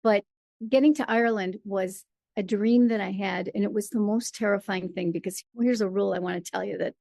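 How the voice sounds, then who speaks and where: A middle-aged American woman telling her stories as an interview guest, animated and quick to laugh. Her voice sits at an ordinary pitch for a woman. The sound is dry and close, with no room around it. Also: creaky, no room sound. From United States. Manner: animated storyteller, laughs often. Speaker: guest, playwright and performer. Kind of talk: casual interview conversation.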